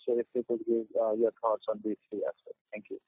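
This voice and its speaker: A man's voice: lowish voice, monotone, a little fast, dry recording. A male analyst on an earnings conference call, asking his questions hesitantly with many fillers. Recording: dry tinny phone line.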